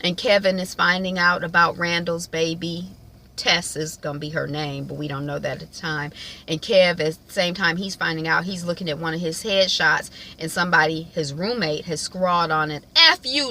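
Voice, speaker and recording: A woman's voice: lowish voice, level tone, pushed and bright. A woman chatting casually as she recaps a TV episode, with lots of fillers. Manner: chatty, many fillers, quick impressions of characters. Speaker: TV recap vlogger.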